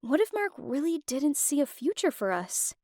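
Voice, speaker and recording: A woman with a high voice narrates an animated first-person story with plenty of feeling. The recording is dry and close, with no room sound. Her delivery moves freely between emotions. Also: normal speed, no room sound. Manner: emotive, with wide swings of expression.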